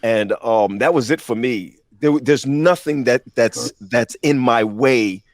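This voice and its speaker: A man telling a personal story on a podcast panel, often halting and repeating words as he speaks. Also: mid-range voice, dry recording, studio quality. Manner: halting, repeats words while searching for them. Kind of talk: personal testimony in casual chat.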